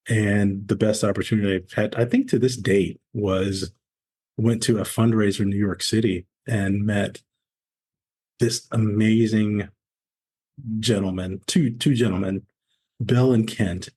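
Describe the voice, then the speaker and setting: A man's voice: on the low side, slightly rough. A man in his forties, a former Navy SEAL, candidly telling his story as a podcast guest and acting out the voices of people he met. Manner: candid, animated storyteller acting out quoted dialogue. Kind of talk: conversational storytelling interview.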